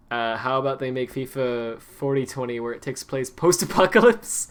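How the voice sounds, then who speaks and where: A man's voice: medium pitch, normal speed, few pauses, clean tone. Rambling young man streaming a game. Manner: rambling, filler-heavy, self-correcting. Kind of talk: casual gameplay commentary.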